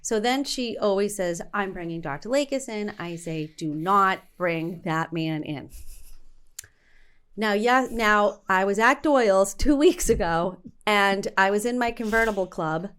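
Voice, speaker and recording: A woman's voice: mid-range voice, normal speed, few pauses, clear, resonant tone. A middle-aged woman co-hosting a casual chat, telling stories and acting out the dialogue. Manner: animated storyteller acting out dialogue. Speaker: co-host.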